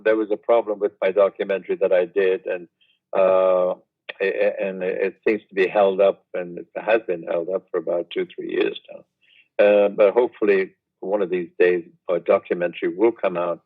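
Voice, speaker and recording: An older man, a guest reminiscing in an unhurried, rambling way over a video call. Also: low-pitched, phone-quality sound. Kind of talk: casual interview chat.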